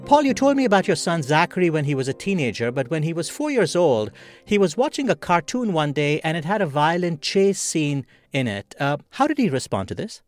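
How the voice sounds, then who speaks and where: A man's voice: fairly high pitch, big pitch swings, fairly quick, faint music behind. A man hosting a podcast, interviewing a guest in a thoughtful, conversational way. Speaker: podcast host.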